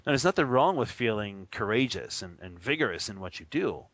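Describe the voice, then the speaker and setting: A man teaching about Buddhist practice in a casual, animated way, often laughing and acting out the people he quotes. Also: lowish voice, a little fast, no room sound, lo-fi sound. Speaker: Buddhist teacher on a radio show.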